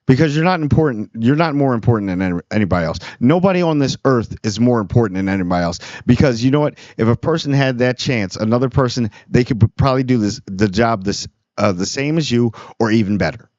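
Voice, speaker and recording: A man's voice: medium pitch, a little mellow, no echo. Earnest rambling man on a dull recording. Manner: earnest, preachy, rambling with many restarts. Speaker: small YouTube channel host. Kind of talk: casual unscripted monologue.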